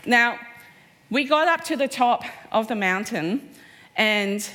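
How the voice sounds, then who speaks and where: Animated woman telling stories on stage. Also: on the high side, slow pace. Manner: animated, acts out quoted voices. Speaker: speaker at a live event. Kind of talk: personal storytelling talk. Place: stage before a live audience.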